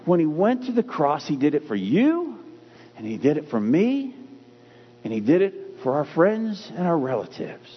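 A man preaching a sermon in a church. He talks emphatically and repeats key phrases with slow, drawn-out stress. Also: on the high side, wildly swooping pitch, slightly rough. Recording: dull recording with long hall reverb.

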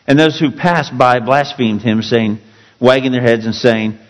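A male pastor preaching a sermon with dramatic, emphatic storytelling that drops suddenly to quiet. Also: mid-range voice, a little slow, long reverb tail, low-quality recording.

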